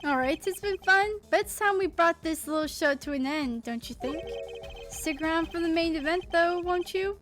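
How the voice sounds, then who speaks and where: A gloating, taunting villain who thinks no one can touch him, read out by a woman. The voice sits high and light. A faint bed of music runs underneath. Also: moderate pace, fairly bright tone. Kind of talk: reading game dialogue aloud.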